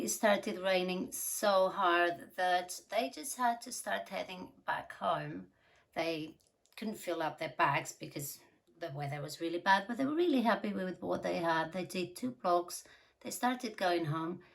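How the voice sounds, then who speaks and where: Chatty woman telling a story with vocal fry. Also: medium pitch, a bit bright, rough recording. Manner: chatty, with giggly asides. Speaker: true crime storyteller. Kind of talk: casual storytelling narration.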